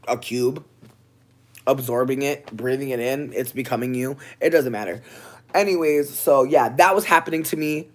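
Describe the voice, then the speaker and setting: A woman vlogger delivers a comic storytime rant, animated and profane, swinging between loud exclamations and low mutters.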